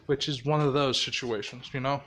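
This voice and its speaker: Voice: mid-range voice, fairly even intonation, a little fast, a bit bright. A person casually telling a rambling fan story, swearing often and laughing along.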